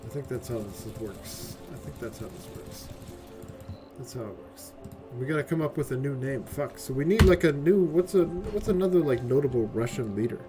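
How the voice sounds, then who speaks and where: A man's voice: medium pitch, lively intonation, normal speed. A man giving casual gameplay commentary as a streamer, chatty and profane, often tagging his lines with "right?". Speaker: game streamer. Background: game music.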